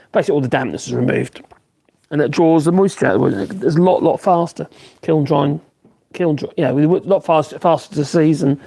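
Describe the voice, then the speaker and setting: Norfolk guy in his 50s rambling on a woodwork livestream, gravelly husky voice, kinda high for a bloke. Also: dark tone. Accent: Norfolk English. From Norfolk, England. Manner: rambling, many fillers and restarts, chuckles. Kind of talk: casual livestream chat answering viewers.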